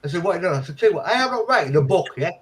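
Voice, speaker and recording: A man's voice: high-pitched, animated, very fast, low-quality recording. Man swearing through a story. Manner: swears freely, acts out both sides of remembered conversations. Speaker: friend in conversation. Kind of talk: casual chat, storytelling.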